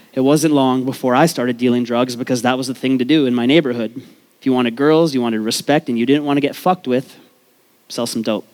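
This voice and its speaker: A man's voice: medium pitch, a little mellow. Self-mocking man telling his story on stage. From Canada. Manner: joking, self-mocking, swears freely. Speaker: speaker at a storytelling event. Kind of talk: comedic personal storytelling talk. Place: stage before a live audience.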